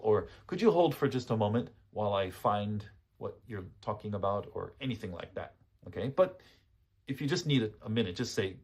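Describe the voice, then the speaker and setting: Husky-voiced man teaching phone phrases. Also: fairly low pitch, expressive, a little fast. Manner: explains patiently, often repeats phrases and checks with "okay?". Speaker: English teacher. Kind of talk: casual spoken lesson.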